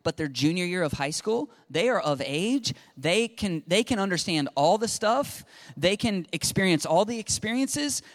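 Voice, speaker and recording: High-voiced earnest Christian speaker, a man. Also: moderate pace. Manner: earnest, lively, acts out quotes. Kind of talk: informal sermon-style talk.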